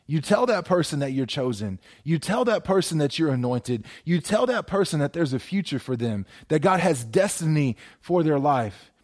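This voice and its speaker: A man's voice: on the high side, sing-song, normal speed, hardly any pauses, darkish tone. A man preaching a sermon as a pastor, exhorting with repeated phrases and frequent stammered restarts, addressing viewers at home. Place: speaking to a camera for viewers at home.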